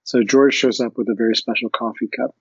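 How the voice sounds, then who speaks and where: A man hosting a book discussion, chatting in a measured way and reading a passage aloud, in a dry, slightly muffled recording. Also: medium pitch, steady tone, no room sound. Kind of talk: casual chat and book reading.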